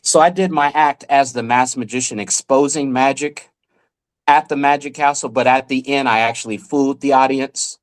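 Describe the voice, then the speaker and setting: A man in his forties shares stories on a podcast as the guest. He tells them in an animated, vivid way, and his voice sits at an ordinary middle pitch. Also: moderate pace. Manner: animated, vivid anecdote telling. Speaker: guest magician and former child actor. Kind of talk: casual podcast storytelling.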